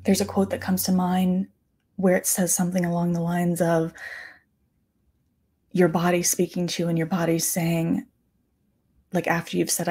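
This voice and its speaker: A woman in her thirties talks into her podcast mic in an earnest, confiding tone. Her voice is somewhat low, mellow and dark, with a husky edge. She often slows right down to stress a point. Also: little pitch movement. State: close to tears at times. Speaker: podcast host. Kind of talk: reflective personal talk.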